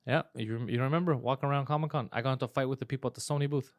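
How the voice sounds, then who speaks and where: Schnell redender, fluchender Mann. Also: male voice, medium pitch, fairly even intonation, no echo, clean studio sound. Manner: fast, profane storytelling with many fillers. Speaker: comedian podcast host. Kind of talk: casual chat.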